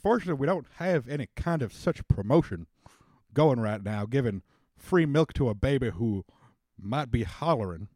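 Here's a fussy little soda clerk with no chin, as a man puts him on, talking slow and prim and proper, mid-pitched man's voice, nice and dry with no room sound at all. he's polite and careful the whole way through, like a nervous shopkeeper. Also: expressive, darkish tone, dry recording, lightly acted.

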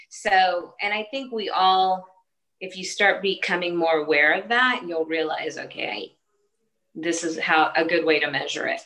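A woman in her late forties talks through a casual interview. Her voice is on the low side but bright and forceful. She speaks earnestly in short bursts, circling back with fillers and restarts. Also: a little slow, low-quality recording. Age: 40s. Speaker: fitness trainer and competitor.

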